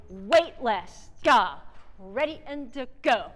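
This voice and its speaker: A high, animated woman's voice leads a band rehearsal, bouncing up and down as she sings rhythms and counts the players in. She sounds energetic and hands-on. The sound carries the long reverb of a large hall, with band music faint behind her. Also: a little slow. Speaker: band conductor clinician. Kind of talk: rehearsal coaching.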